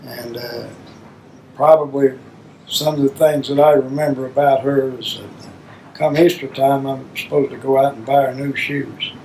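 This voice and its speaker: A man's voice: medium pitch, fairly even intonation, normal speed, darkish tone, a little hiss or hum, rough recording. An older man, a father telling rambling, folksy stories about his children. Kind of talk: reminiscing storytelling.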